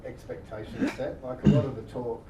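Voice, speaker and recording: A man's voice: mid-range voice, steady tone, brisk. A man, a journalist, pressing with follow-up questions at a press conference. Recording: distant mic, echoey noisy room.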